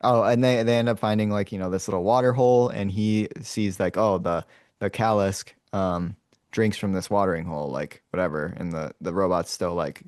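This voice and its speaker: A man's voice: deep voice, steady tone, moderate pace, darkish tone, no room sound, studio quality. A man casually retelling a movie's story to his brother, full of fillers and restarts and acting out lines and roars as he goes. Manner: rambling, many fillers and restarts; acts out lines and roars as he tells it. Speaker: podcast host retelling a movie.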